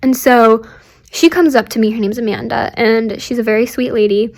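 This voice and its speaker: A young woman speaks into a phone held close, pouring her heart out to her sister in a video diary. Her voice sits a little high, and she wanders through her thoughts with many "likes" and "ums." She often sinks into a hushed, near-whispered tone. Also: fairly even intonation, normal speed. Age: young adult. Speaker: church staff member recording a video diary. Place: at home on a couch.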